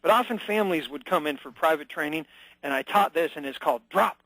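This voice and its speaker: Calling in as a guest on a talk radio show, a man speaks in a slightly high, sharp-toned voice full of energy and emphasis. He leaps into quick acted-out examples. The rough recording is close and dry, with no echo or room sound.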